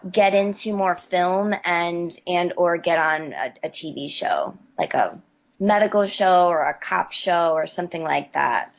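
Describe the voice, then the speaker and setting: A low-pitched woman from West Virginia speaks in a relaxed interview, stumbling and repeating words as she collects her thoughts. The audio sounds dull and lo-fi. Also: slight background noise. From West Virginia, USA. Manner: hesitant, repeats words while thinking, laughs easily. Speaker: interview guest, athlete. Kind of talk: casual interview answers.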